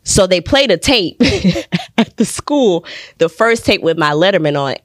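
A young woman from Texas tells a story as a podcast guest, with a lowish voice that leaps up high whenever she acts out other people. Her delivery is lively and animated. The studio sound is dry and close. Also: unhurried, no echo. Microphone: studio podcast mic.

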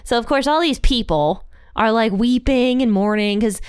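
Smooth-voiced woman, casual Bible teacher, dry close sound, chatty with lots of "like". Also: a little high, normal speed, no room sound. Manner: chatty, full of "like" and "you know", laughs at the story.

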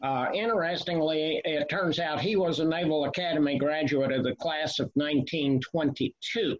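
Older man, slightly high, muffled. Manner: measured, pauses often with "uh". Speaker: author guest. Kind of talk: casual interview chat. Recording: lo-fi, muffled sound.

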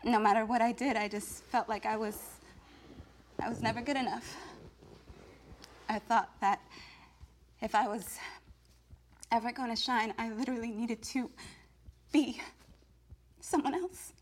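A woman's voice: on the high side, steady tone, measured pace, pauses often, a little hiss or hum. A woman speaking earnestly and reflectively in a confessional interview clip from a reality show, heard from a distance.

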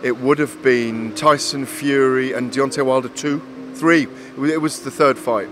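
A middle-aged man, a boxing journalist, chatting casually and telling an animated story. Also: mid-range voice, moderate pace, background noise. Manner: animated storyteller, acts out quotes with swearing. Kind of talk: casual two-way interview chat.

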